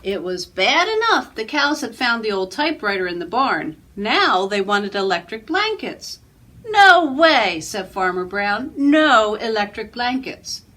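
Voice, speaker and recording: A woman, a children's librarian, reading a picture book aloud with expressive storytelling. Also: medium pitch.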